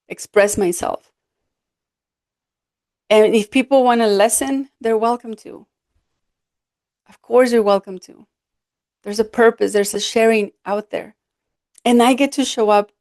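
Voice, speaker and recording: A woman coach hosting her podcast, talking in an earnest, expressive way and acting out quoted remarks. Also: medium pitch, no echo, clean studio sound. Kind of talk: reflective solo podcast talk.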